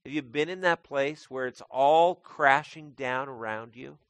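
A man's voice: mid-range voice, a little slow, fairly bright tone, dry recording. A man preaching a sermon as pastor, talking conversationally and calling his listeners folks.

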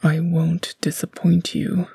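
A woman's voice: low voice, takes it slowly, vocal fry, dark tone, slightly rough, no room sound, exaggerated voice. A woman whispering as a stern, brusque young man. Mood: intent. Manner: clipped and stern. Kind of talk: whispered role-play.

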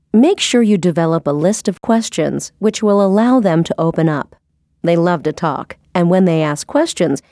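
A woman reading a scripted sales training narration in a measured, instructive way. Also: lowish voice, warm tone, no room sound, studio quality.

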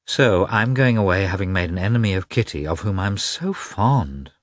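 A man reading the part of an emotional, tearful young noblewoman, his voice lifting high and tremulous as she confides. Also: animated, normal speed, no echo, studio quality. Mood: earnest, tearful.

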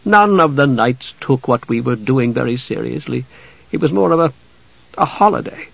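A man reading an audiobook, voicing a grieving, defensive young male knight who speaks softly and with a tremble. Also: medium pitch, lively intonation, moderate pace, gravelly, slightly rough, no room sound, dull audio, heavily acted. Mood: subdued.

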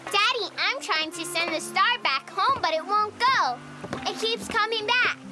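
A woman's voice: very high voice, unhurried. A woman voicing a cheerful, curious little girl in a cartoon, with music behind her. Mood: wondering. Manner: bubbly, wondering, excitable.

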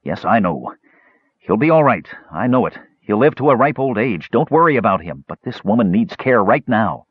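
A man voicing a fierce young half-elf man who shouts orders through clenched teeth. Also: lowish voice, sing-song, moderate pace, husky, dry recording, highs cut off, voice pushed up. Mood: urgent.

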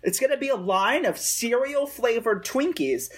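A man co-hosting a comedy podcast, delivering a mock sales pitch with hesitant ums. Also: lively intonation, normal speed, breathy edge. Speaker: podcast co-host.

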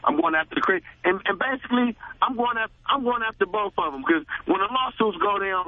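A high-pitched man calls in to a radio show over a tinny phone line. He speaks emphatically, in slangy speech, and hammers phrases again and again. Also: expressive, fast, hardly any pauses. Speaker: caller. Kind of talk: call-in radio talk.

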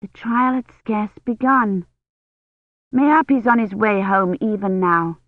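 A reader voicing a calm, composed lady of the manor. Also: mid-range voice, dry recording, narrow, tinny audio, close to an everyday voice. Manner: calm, quiet, measured. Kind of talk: audiobook character voice.

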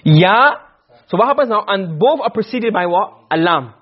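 A man teaching Arabic grammar to a class, asking questions and answering them himself, and reciting verses slowly. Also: high voice, lively intonation, lo-fi sound. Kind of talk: classroom lecture.

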